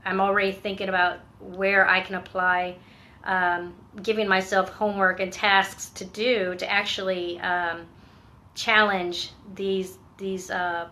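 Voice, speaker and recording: Woman, veteran, candid personal vlog, earnest, reflective, halting with fillers. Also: medium pitch, bright, forceful tone. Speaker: veteran finishing a PTSD treatment program.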